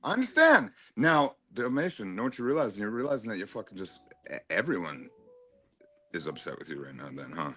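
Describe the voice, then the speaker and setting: A man's voice: on the low side, expressive, fairly quick, fairly bright tone, no echo, soft background music. A man in a heated, casual stream chat, taunting and swearing at another panelist. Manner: profane, taunting, confrontational.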